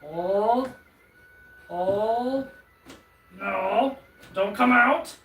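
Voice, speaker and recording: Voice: medium pitch, drawn-out words, a bit bright, far from the mic. A streamer keeps up a rambling, joking commentary on a live stream, poking fun at their own clumsiness and restarting sentences as they go. The voice sits back from the microphone in a roomy, echoing space at home, with a faint hiss of noise underneath. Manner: rambling, self-mocking running commentary with stammered restarts. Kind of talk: casual live-stream chat while assembling furniture.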